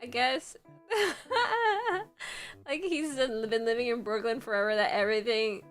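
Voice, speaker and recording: A woman's voice: a little high, a little slow, soft background music. A woman streamer chatting casually on a livestream, often repeating words back to herself.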